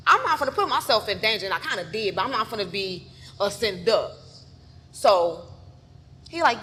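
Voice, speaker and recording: A woman telling an emotional personal story, acting out each scene and swinging from hushed to loud. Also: medium pitch, sing-song, normal speed, long pauses, slight background noise. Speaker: photographer telling her story.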